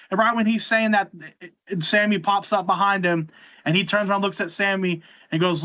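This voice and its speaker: A podcast host casually recaps wrestling shows, rambling with many restarts and repeated words. His voice sits high, bright and forceful, with fairly even intonation at normal speed, in a slightly dull lo-fi recording.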